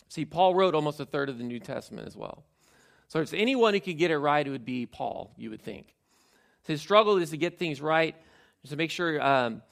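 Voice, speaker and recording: A man's voice: medium pitch, vocal fry, fairly bright tone. A man giving a sermon as a pastor in a conversational, self-deprecating storytelling way.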